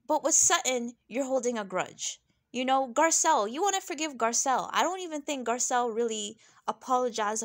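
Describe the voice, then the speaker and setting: A young woman talks through a reality TV episode in a loose, chatty vlog style. Her voice sits high, and she is sassy and animated, breaking into laughing asides. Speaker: reality TV recap vlogger. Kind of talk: casual chatty commentary.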